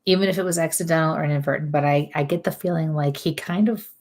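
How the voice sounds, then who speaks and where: A woman working as a medium, giving a live psychic reading in a halting, hesitant way with many fillers. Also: sits low, fairly even intonation, a little mellow.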